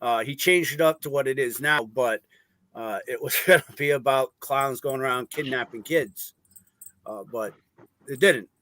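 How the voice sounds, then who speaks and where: A man's voice: medium pitch, normal speed. A man guesting on a paranormal talk show, telling stories at an easy pace. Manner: relaxed storyteller, many uh fillers. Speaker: guest paranormal investigator and clown performer. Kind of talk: casual chat.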